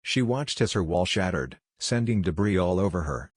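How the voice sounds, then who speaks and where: Very deep-voiced man reading a fan story. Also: normal speed, few pauses, no room sound, clean studio sound. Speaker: narrator. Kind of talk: scripted narration of a fan story.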